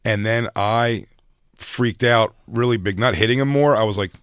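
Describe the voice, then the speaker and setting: A man's voice: medium pitch, normal speed, clear, resonant tone, no room sound. A man in casual studio chat, telling a rambling story and acting out the people in it. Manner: rambling, animated storyteller who acts out voices. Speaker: comedian guest.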